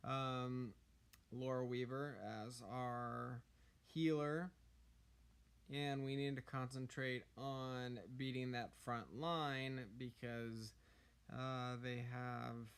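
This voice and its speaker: Hoarse male gaming YouTuber, unhurried halting delivery, clean smooth tone; casual strategy tips. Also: medium pitch, flat delivery. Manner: hesitant, many ums and uhs. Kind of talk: casual game tips commentary.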